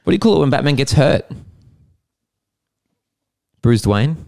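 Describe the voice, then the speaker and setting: A man's voice: mid-range voice, very animated, gravelly, dark tone. A man rattling off puns to friends one after another. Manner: quick-fire pun delivery. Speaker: comedy joke teller. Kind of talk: casual joke telling among friends.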